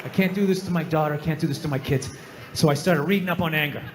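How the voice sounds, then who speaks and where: A man's voice: fairly high pitch, fast talker, noisy background. A male stand-up comedian ranting and swearing with self-mocking humor on a theater stage. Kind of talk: stand-up routine. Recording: echoey hall, faint ambience.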